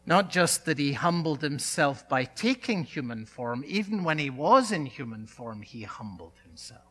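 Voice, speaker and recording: A male pastor delivering a sermon, speaking in emphatic phrases with dramatic pauses and repetition. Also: on the high side, very animated, sharp tone, soft background music.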